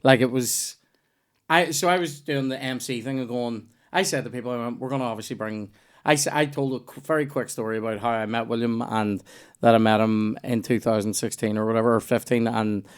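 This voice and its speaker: A young Northern Irish man chats loosely as a podcast host, spinning anecdotes that wander and restart. He swears freely and talks at an ordinary pitch for a man. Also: steady tone, fairly quick, clean tone. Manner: rambling, sweary storytelling with lots of restarts. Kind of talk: casual chat.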